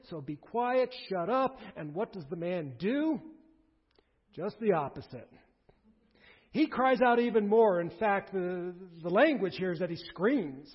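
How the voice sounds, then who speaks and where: A man preaching a sermon in an earnest, exhorting manner, addressing his congregation directly. His voice is husky and a little high. The recording sounds dull and lo-fi. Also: long reverb tail.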